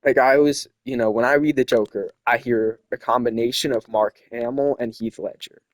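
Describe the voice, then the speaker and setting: A man's voice: medium pitch, steady tone, normal speed, no room sound. A young man hosting a casual opinion chat, rambling and opinionated with lots of fillers. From not from South America. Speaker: host.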